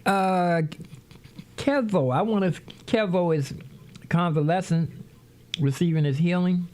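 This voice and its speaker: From his home studio, a middle-aged man hosts a casual livestream, rambling to viewers he calls "y'all" while setting up music software. His voice is high-pitched and unhurried.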